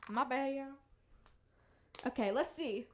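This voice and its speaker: A woman's voice: high voice, slow. A young woman hosting a podcast in casual chat, playful and giggly, bragging in a mock-dramatic way. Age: young adult. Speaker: podcast host.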